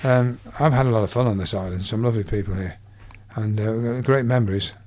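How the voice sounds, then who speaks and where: A man's voice: lowish voice, a little fast, a little mellow. An older man, a comedian guest chatting in an interview and spinning anecdotes and gags. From England. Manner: gag-telling storyteller, slips into quoted voices. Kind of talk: anecdotal chat.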